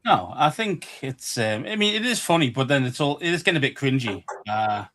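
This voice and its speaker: A man with a Liverpool accent co-hosts a sports chat at a mid-range pitch. He talks in a relaxed way, hesitating and stumbling over his words as he thinks aloud. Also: brisk. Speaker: co-host.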